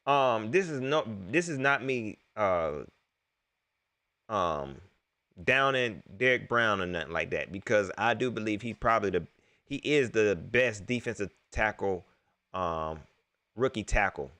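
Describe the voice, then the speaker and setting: A man's voice: lowish voice, a little slow. A young man hosting a live post-game stream, talking casually to his viewers and laughing often. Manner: animated, laughs often, talks straight to the chat. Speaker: live-stream sports show host.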